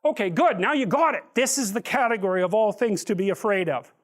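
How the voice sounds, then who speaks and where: A man lectures in a high voice. He tells a story with vivid asides and often restarts his phrases. He is speaking to a room of students. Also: brisk. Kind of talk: university lecture.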